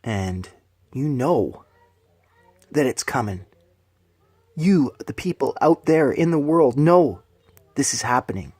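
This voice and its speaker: A man delivering an angry, profane, preachy rant to his viewers, swinging between loud bursts and low, hushed lines. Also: slightly rough, no room sound. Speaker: vlogger.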